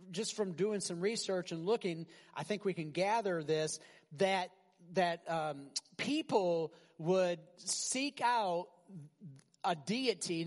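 Male pastor, conversational and animated sermon delivery, higher-pitched voice, long hall reverb. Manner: animated, conversational preaching with rhetorical questions.

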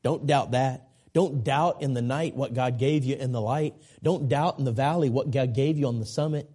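A man's voice: medium pitch, normal speed, mellow, breathy edge. A man in his forties preaching a sermon as a guest preacher, earnest and repetitive, with folksy asides and self-deprecating jokes. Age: 40s.

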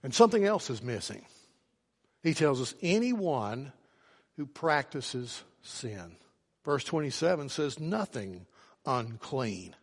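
A man preaching a sermon, with emphatic delivery that climbs to loud, urgent questions. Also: mid-range voice, sing-song, slow pace, breathy edge. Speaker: pastor. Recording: long hall reverb.

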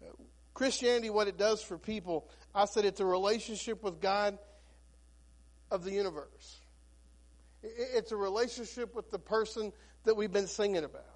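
A man's voice: sits high, moderate pace. A man preaching a sermon as a Baptist pastor, folksy and storytelling, with frequent restarts.

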